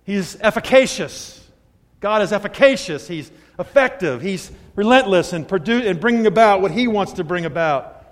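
A man in his sixties preaching a sermon, moving between loud emphatic peaks and hushed, quiet asides. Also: sits high, animated, normal speed. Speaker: pastor. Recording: long hall reverb.

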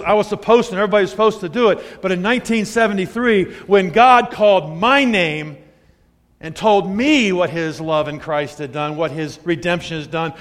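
A man in his sixties preaching a sermon, moving between loud emphatic peaks and hushed, quiet asides. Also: sits high. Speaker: pastor. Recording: long hall reverb.

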